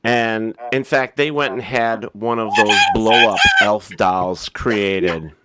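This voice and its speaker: A man's voice: on the low side, fairly even intonation, takes it slowly, sharp tone. A man hosting a casual holiday chat show, joking and teasing his friends. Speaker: host.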